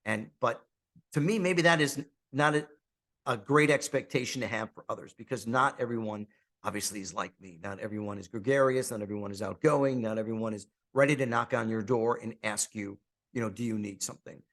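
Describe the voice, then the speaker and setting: A man's voice: fairly low pitch, fairly quick, fairly bright tone. A man hosting a podcast alone, talking in a friendly, outgoing, conversational way with restarts and fillers. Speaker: podcast host; real estate agent. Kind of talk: casual monologue.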